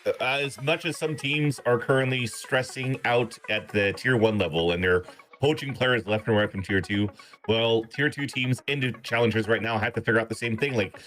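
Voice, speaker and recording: A man's voice: medium pitch, normal speed, fairly bright tone. A man talking as an esports desk analyst, giving long joking, rambling explanations.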